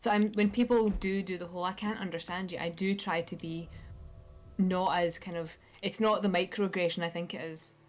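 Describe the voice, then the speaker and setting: A Scottish woman chatting casually on a live stream, telling animated stories. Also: on the low side, brisk. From Scotland. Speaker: podcast guest. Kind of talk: casual chat. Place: live stream, home setup. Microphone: stream mic.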